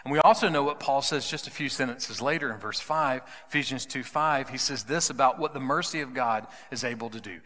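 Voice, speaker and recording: A man preaching a sermon, dramatic, dropping to hushed whispers for emphasis. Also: medium pitch, a little fast, hardly any pauses, in a large hall. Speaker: pastor.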